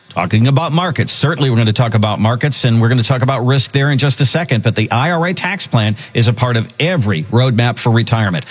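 A husky male host with a very lively, swooping pitch runs a financial radio show in an upbeat way. He steers the talk between retirement topics and drops in plugs for the team. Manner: upbeat, pitchy delivery, repeats the website slowly.

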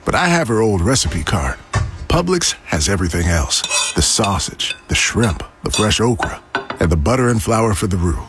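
A man's voice: fairly low pitch, big pitch swings, moderate pace, music in the background. A man playing a patient father who is teaching his child to cook the family gumbo in a scripted radio ad. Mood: gentle.

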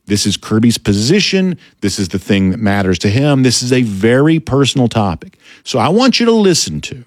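Man, Georgia Southern accent, sports show host, lively swooping pitch, dry close sound. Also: no echo. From Gainesville, Georgia. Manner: emphatic, drawn-out words for stress. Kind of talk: opinionated sports commentary.

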